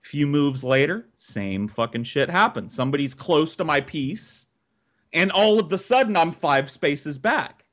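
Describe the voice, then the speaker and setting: Man, podcast storyteller, casual, swearing, slightly high voice, very lively pitch. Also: a little slow. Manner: profane, animated storytelling. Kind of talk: casual chat, recounting a childhood story.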